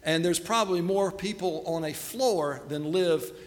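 A man's voice: sits high, unhurried. A middle-aged man telling a self-deprecating story in a sermon. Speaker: pastor. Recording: long hall reverb.

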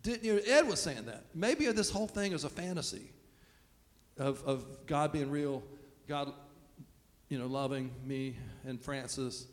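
A man's voice: mid-range voice, animated, unhurried. A man preaching a sermon as pastor, talking in a conversational, self-deprecating way. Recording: long reverb of a large hall.

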